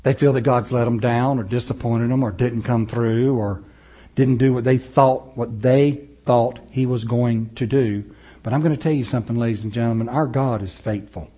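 A man preaching a sermon, moving between loud, rising passages and low, slow, soft ones, chuckling often. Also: fairly even intonation. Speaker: pastor.

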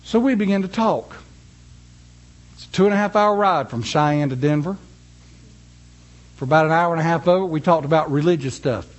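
A man with a fairly high voice delivers a sermon. He reads scripture slowly with weight on each phrase, then shifts into a folksy, conversational story. His delivery is that of a preacher addressing a congregation. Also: muffled recording.

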